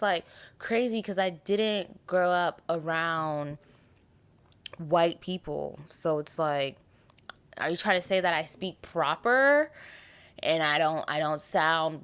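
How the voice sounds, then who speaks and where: Animated woman rambling on a podcast. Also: lowish voice, measured pace. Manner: chatty, animated, lots of "like" and asides. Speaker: podcast host. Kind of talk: casual solo podcast chat.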